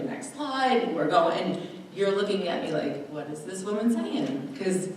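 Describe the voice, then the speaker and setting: Low-voiced woman, far off in echoey hall. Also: slight background noise. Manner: chatty, talkative, acts out quoted voices. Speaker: dementia care presenter. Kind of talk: talk to a live audience. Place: large room at a presentation.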